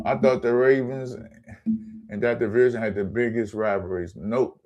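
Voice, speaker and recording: A man's voice: medium pitch, fairly even intonation, moderate pace, a little mellow. A man hosting his own sports channel, ranting in a heated, profane way and stammering when he gets angry.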